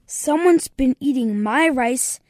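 A small baby bear, as a woman puts it on for a storybook, crying out its complaints. The voice is high and slow, in a close, dry sound. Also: animated, darkish tone, no echo. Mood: upset. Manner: crying out, plaintive. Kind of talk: storybook reading.

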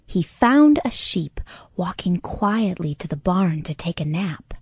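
A woman reading a children's bedtime story aloud, narrating slowly and often in a soft half-whisper. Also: on the low side, very animated, slight background noise.

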